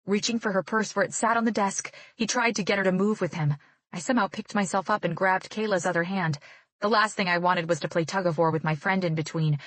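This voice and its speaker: A woman's voice: fairly low pitch, no room sound. A woman reading a first-person romance audiobook in a tense, dramatic way. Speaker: audiobook narrator.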